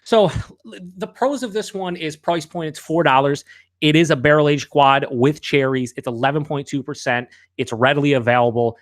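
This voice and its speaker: A man's voice: on the high side, normal speed, no room sound, clean studio sound. A man hosting a live beer review. He talks casually and candidly, rambles with fillers, swears now and then, and reads out viewers' chat comments.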